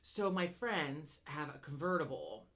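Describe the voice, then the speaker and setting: A woman's voice: low-pitched, animated, a little slow, fairly bright tone. A woman from central Pennsylvania co-hosting a casual podcast, telling stories with lots of swearing and giggling. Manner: profane, giggly storyteller. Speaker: podcast co-host. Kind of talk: casual chat.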